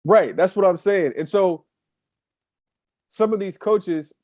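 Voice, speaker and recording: A man's voice: high-pitched, takes it slowly, a little mellow, no room sound, clean studio sound. A man co-hosting a casual chat as a manifestation coach, speaking emphatically and repeating key phrases for effect.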